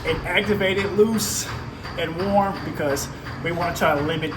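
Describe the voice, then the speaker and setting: A man's voice: sits high, normal speed. Chatty man vlogging over background noise. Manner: chatty, easygoing, thinks aloud. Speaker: fitness vlogger. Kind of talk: casual unscripted vlog talk. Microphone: built-in camera mic, no external microphone. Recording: noisy background, no proper microphone.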